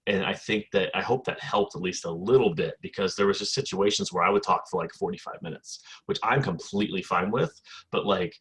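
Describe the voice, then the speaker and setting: Male podcast host, deep, slightly raspy voice, loose and rambling conversational delivery. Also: brisk, few pauses, a bit bright. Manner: rambling, reassuring, laughs while telling stories. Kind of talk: casual podcast chat.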